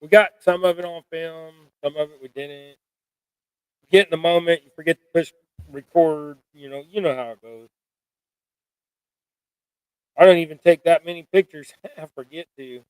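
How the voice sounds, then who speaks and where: A man's voice: a little high, a little fast, clear, resonant tone, no room sound, low-quality recording. A middle-aged man hosting a fishing stream, chatting in a rambling, folksy, self-deprecating way while he ties jigs at home. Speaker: fishing channel host. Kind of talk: casual live-stream chat while tying jigs.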